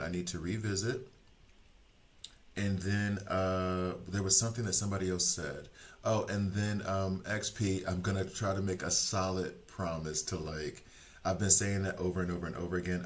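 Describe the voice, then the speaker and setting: A young man streaming, chatting casually with viewers in a rambling, self-deprecating way, full of fillers and restarts. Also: low-pitched.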